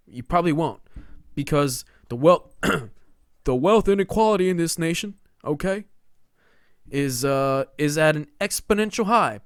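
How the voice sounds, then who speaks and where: A man's voice: on the high side, no echo, studio quality. Riled-up slangy man ranting. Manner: riled-up, slangy, peppers lines with "dude" and "man". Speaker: podcast host. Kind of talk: casual ranting monologue.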